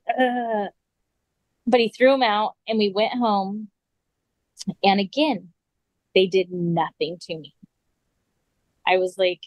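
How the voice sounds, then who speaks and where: A woman's voice: medium pitch, a little mellow, no echo, low-quality recording. A woman guest on a podcast, recounting a personal story casually, full of "like" and acted-out quotes.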